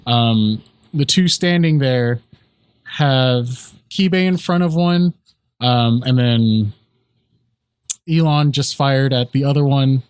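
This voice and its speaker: Male game master, unhurried and halting, dry close sound. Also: mid-range voice, a little mellow, clear, resonant tone, dry recording. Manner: slow, hesitant narration with many ums. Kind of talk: narrating a tabletop game.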